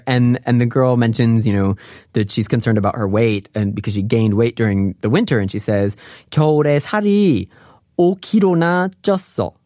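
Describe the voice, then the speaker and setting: A man teaching a language lesson, explaining grammar and acting out example phrases with big jumps in pitch. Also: darkish tone, dry recording, clean studio sound.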